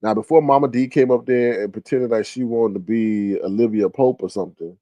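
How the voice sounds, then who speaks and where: A man's voice: on the low side, a little fast, dark tone, no room sound. A man hosting a casual livestream, chatting animatedly and reading viewer comments aloud. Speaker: livestream host. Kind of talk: casual live-stream commentary.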